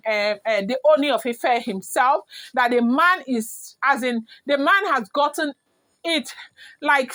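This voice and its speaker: A woman's voice: high voice, fairly bright tone. A woman with a Nigerian accent, hosting a celebrity gossip vlog, emphatic and repetitive, firing off rhetorical questions.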